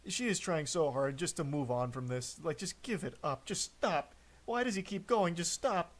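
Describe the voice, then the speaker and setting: A male streamer with a slightly raised pitch, talking in a loose, casual commentary style. He sounds sarcastic and openly exasperated, dropping dry jabs as he goes. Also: normal speed.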